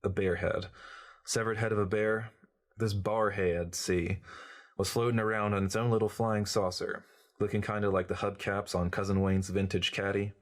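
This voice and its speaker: A man's voice: lowish voice, little pitch movement, moderate pace, close to an everyday voice. Man reading as a glib know-it-all journalist. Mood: lecturing. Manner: breezy, lecturing, know-it-all.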